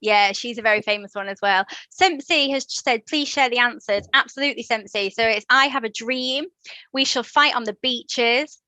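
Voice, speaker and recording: Woman teacher running an online class, bright crisp voice, kinda high, encouraging, dry sound. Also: normal speed, no echo, low-quality recording. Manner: encouraging, quizzes students and praises answers. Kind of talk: live online lesson.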